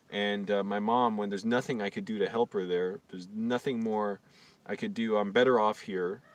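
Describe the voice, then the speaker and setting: A man's voice: fairly low pitch, no room sound. A man from Virginia telling an indignant, rambling story on a livestream, with many fillers and restarts. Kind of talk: casual livestream rant.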